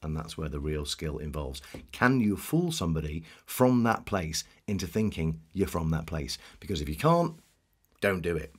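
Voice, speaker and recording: A man's voice: extremely low pitch, sing-song, moderate pace, husky. A man who works as a voice actor, chatting casually from his home studio and keen to slip into accents. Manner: chatty and eager to switch into accents. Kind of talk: casual chat about voice acting.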